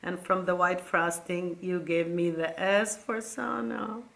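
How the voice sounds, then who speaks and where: A woman's voice: lowish voice, steady tone, creaky, fairly bright tone. Tearful mother reading her kids' letters. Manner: tearful, tender, halting. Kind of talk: emotional casual vlog reading.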